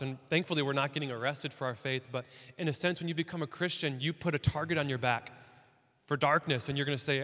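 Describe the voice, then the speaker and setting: A man preaching a sermon in a church, talking in a conversational, animated way. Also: fairly high pitch, fast, long reverb tail. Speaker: pastor.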